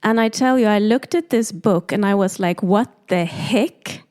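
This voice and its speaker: A woman's voice: medium pitch, a little fast, clean tone. South African woman telling her story. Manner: animated, acts out quoted voices. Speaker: doula, podcast guest. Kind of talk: storytelling interview.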